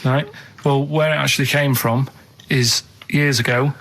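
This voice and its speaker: A man with a Manchester accent, a radio show regular, telling deadpan stories in casual studio banter. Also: mid-range voice, measured pace. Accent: Mancunian.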